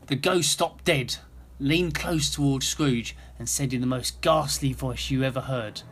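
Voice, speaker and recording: Male narrator, storybook reading, higher-pitched, lively. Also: a little slow. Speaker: video narrator and channel host.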